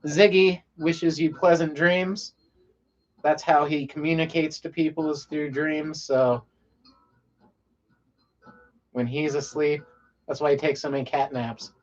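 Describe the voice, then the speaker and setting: A man's voice: fairly high pitch, steady tone, measured pace, long pauses. A man from Colorado hosting a casual late-night livestream, rambling in a laid-back way and often trailing off into a mumble. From Colorado, USA. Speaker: livestream host. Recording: dull lo-fi sound.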